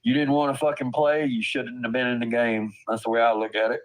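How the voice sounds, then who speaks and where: Speaking fairly quickly in a mid-range voice with a level tone, this streamer, an adult parent, angrily rants about online drama. He swears hard and stammers in disbelief, all on a rough recording.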